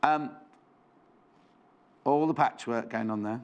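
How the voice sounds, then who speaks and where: A man's voice: mid-range voice, takes it slowly, dull audio. A man presenting a live shopping show in a studio, chatty and rambling with jokey asides.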